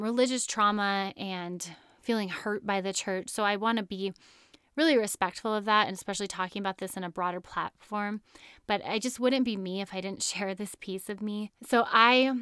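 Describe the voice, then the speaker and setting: A woman's voice: mid-range voice, steady tone, brisk, pushed and bright, clear, resonant tone, dry recording, clean studio sound. Earnest chatty woman podcast host. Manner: earnest, chatty, laughs often. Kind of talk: personal story on a podcast.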